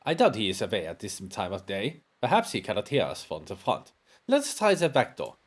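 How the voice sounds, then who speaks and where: A man streaming a game, reading its dialogue aloud in an expressive way and commenting on it. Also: on the low side, a little fast. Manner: expressive, acts out lines.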